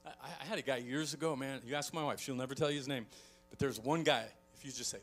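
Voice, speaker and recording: A middle-aged man preaching a sermon as a pastor, telling stories with animated delivery and acting out quoted voices. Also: medium pitch, quick pace, faint music behind. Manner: animated storytelling, acts out quoted voices, chuckles often.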